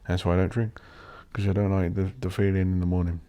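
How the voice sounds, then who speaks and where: A man hosting a solo podcast, rambling bluntly and swearing while he thinks out loud. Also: sits low, level tone, quick pace, clear, resonant tone. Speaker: podcast host.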